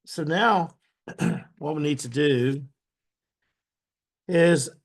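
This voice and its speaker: A man teaching a step-by-step software tutorial. He repeats each step aloud patiently and keeps clearing his throat. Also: on the high side, drawn-out words. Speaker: instructor.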